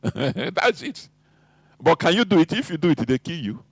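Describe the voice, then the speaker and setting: A Nigerian man giving a fiery political monologue, full of rhetorical questions and halting restarts. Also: on the high side, big pitch swings, creaky, husky, dry recording. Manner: halting with restarts and repeated words. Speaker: activist commentator.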